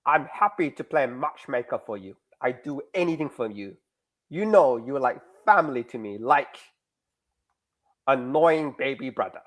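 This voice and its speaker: A man voicing a breezy young woman who teases her friend. Her pitch swings lively as she talks. She sounds upbeat and playful. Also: moderate pace, natural voice. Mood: teasing.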